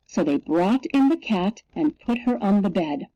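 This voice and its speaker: Woman storybook reader, lively pitch, slightly raised voice, dry close sound. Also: dry recording. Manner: slow, expressive storytelling. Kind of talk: reading a picture book aloud. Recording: dull lo-fi recording.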